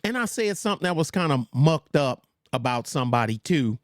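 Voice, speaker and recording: A man's voice: on the high side, big pitch swings, a little fast, no room sound, clean studio sound. A man hosting a casual livestream, rambling with blunt, trash-talking asides. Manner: mocks others in put-on voices. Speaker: livestream host.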